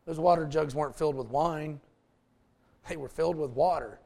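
A male pastor preaching a folksy, animated sermon with asides to the congregation. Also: a little high, normal speed, creaky.

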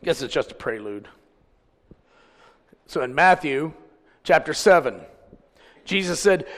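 A middle-aged man preaching a sermon as pastor, swinging between loud, drawn-out peaks and quiet asides. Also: fairly high pitch, lively intonation, big-room sound.

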